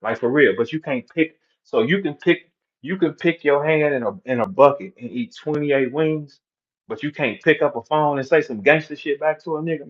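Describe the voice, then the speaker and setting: A man with a somewhat high voice hosts an online audio room and rants in a coarse, mocking, profanity-heavy tirade. The sound is muffled and low-fidelity, like a dull internet stream. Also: moderate pace. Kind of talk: profane ranting monologue.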